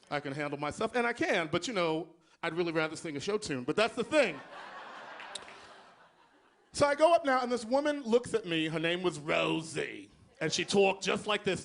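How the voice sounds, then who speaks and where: A man's voice: sits high, fairly bright tone. A man from Texas doing a live stand-up set, telling stories in a sassy, flamboyant way with asides to the crowd. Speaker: stand-up comedian.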